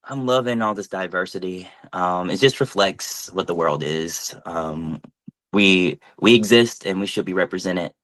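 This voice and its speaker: A man's voice: sits low, a little slow, fairly bright tone. A man, a voice actor on a panel, talking earnestly and enthusiastically with frequent "um" and "like". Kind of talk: casual panel talk.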